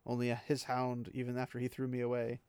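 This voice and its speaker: A man's voice: mid-range voice, monotone, fast, dark tone, clean tone, dry recording, lightly acted. A man voicing a whining, grimy destitute beggar who pleads and cringes.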